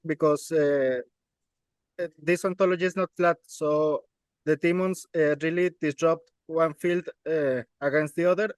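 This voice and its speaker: A man's voice: on the high side, no echo, poor audio. A man taking part in a workshop, carefully reading out academic comments with some hesitation. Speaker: workshop participant.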